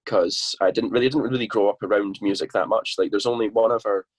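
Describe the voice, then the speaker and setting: A man's voice: lowish voice, steady tone, fast, slightly rough, dry recording. A young Scottish man chatting casually and bluntly as a podcast guest, swearing freely. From Scotland.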